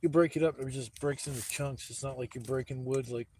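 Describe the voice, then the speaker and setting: A man's voice: mid-range voice, steady tone, brisk, darkish tone, a little hiss or hum. Rambling, cursing man outdoors. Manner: rambling, profane, heated retelling with quoted dialogue. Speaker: livestreamer. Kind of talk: casual storytelling livestream. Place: outdoors in woods.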